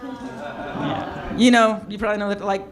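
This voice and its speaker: A woman's voice: medium pitch, steady tone, measured pace, crowd noise. A woman doing a wry, self-deprecating stand-up comedy set. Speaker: stand-up comic.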